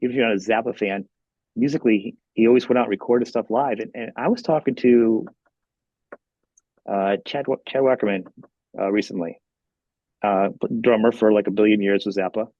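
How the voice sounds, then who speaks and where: A man hosting a podcast interview, talking in a rambling, animated way with many restarts. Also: lowish voice, fairly quick, pauses often, dry recording, highs cut off. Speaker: podcast host. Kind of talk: casual interview chat.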